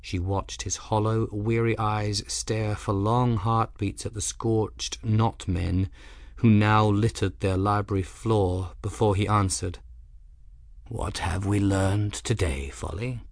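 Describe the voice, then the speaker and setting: A man's voice: fairly low pitch, little pitch movement, slow pace, no echo, studio quality. A man narrating a fantasy story as an audiobook reader.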